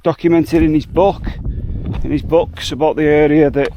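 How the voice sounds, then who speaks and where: A man's voice: fairly high pitch, steady tone, normal speed, mellow, a little hiss or hum. A man, talking reflectively and from the heart while walking in the mountains. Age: 40s. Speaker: hiking vlogger. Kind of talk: emotional hiking vlog. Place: outdoors in mountains by a lake.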